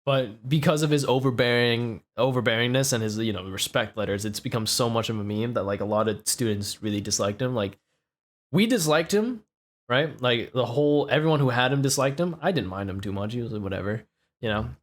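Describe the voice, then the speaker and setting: A man's voice: mid-range voice, quick pace, few pauses. A young man hosting a podcast, telling a story in a casual, rambling way, full of filler words and swearing. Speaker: podcast host.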